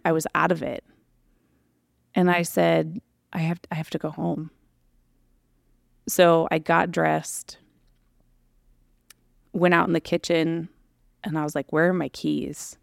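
A woman hosts a podcast and tells her own story in a candid, halting way, with lots of fillers. Her voice is low and gravelly, and she speaks slowly. The sound is dry and close. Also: no echo. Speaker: podcast host. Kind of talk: personal storytelling.

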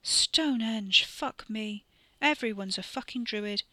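A woman's voice: fairly high pitch, takes it slowly, sharp tone, no room sound. A woman voicing a grumpy young man with a sore stomach, grumbling irritably and swearing.

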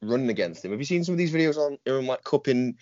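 A man's voice: medium pitch, animated, quick pace, a little mellow, dry recording, muffled recording. A man co-hosting a podcast who teaches martial arts, talking bluntly and often laughing and swearing. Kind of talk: casual chat.

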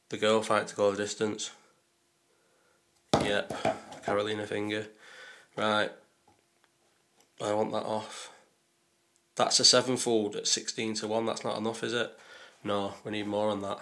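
A man with a fairly low-pitched but fairly bright voice talks his way through placing bets, chatting casually as a betting vlogger. He rambles and keeps questioning his own picks aloud.

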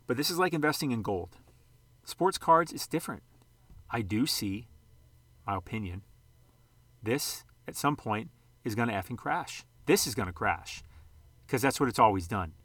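A man's voice: mid-range voice, animated, normal speed, pauses often, a bit bright, dry recording. A man hosting a casual vlog, rambling and conversational, throwing out rhetorical questions and the odd mild curse. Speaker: sports card channel host.

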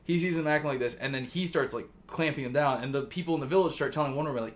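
Talking rapid-fire in a voice on the high side, this podcast co-host pitches a story. His casual retelling rambles, packed with filler words and swearing.

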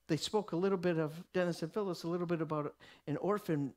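A man preaching a sermon in a conversational, emphatic way that sinks to a hush at times. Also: a little high, fast, few pauses.

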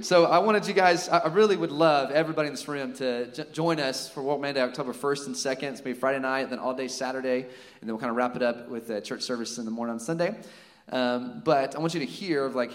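Brief: young male pastor, casual church talk, mid-pitched, long hall reverb. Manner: casual, warm-hearted, many fillers like "you know" and "like". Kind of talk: church announcements and exhortation. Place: church sanctuary.

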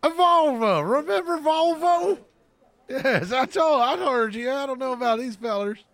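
A man's voice: very high-pitched, moderate pace, fairly bright tone, no room sound. A man playing his character in a tabletop game with a folksy drawl. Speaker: player.

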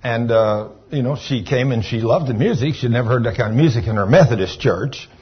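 A man preaching a storytelling sermon in a church, folksy and animated, sometimes rising to shouts of praise. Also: medium pitch, fairly quick, breathy edge. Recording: dull lo-fi church recording.

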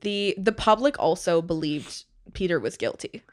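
A woman's voice: fairly low pitch, expressive, normal speed, a little mellow. A woman co-hosting a casual true crime podcast, telling a case in a loose, chatty way and swearing often. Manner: storytelling, swearing, laughing often. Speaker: podcast co-host.

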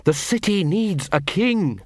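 A man's voice: sits high, lively intonation, slow, dry recording, studio quality, pitched above the performer's own voice, exaggerated voice. A man doing a stammering, frantic doctor. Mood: pleading. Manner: stammering, pleading. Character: panicked scheming male doctor, dying.

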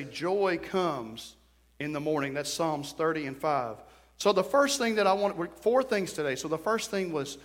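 Middle-aged male pastor with a high voice, animated storyteller, preaching in a church with long reverb. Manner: animated storytelling with sudden bursts and drops. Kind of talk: sermon. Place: church sanctuary.

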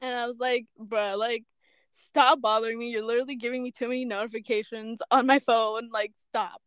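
A young woman co-hosting a podcast, telling a story in casual chat, animated and full of "like" and "bruh". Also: fairly high pitch, fairly quick, clean tone, no room sound, studio quality. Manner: animated storyteller, heavy use of "like" and "bruh", acts out quotes. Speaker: podcast co-host.

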